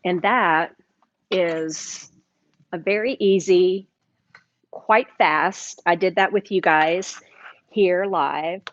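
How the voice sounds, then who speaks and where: A woman's voice: fairly low pitch, very slow, long pauses. A middle-aged woman with a Southern US accent, hosting a live cooking demo in a chatty, enthusiastic way. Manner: chatty, enthusiastic, talks while eating. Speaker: cooking show host. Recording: dry, slightly dull livestream audio.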